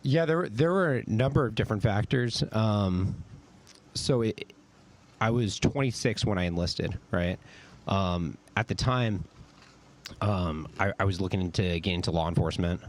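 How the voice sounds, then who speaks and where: Very deep-voiced young man telling his story. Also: moderate pace. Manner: loose, filler-heavy talk with many "like" and "um". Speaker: interview guest, military veteran. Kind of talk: casual storytelling interview.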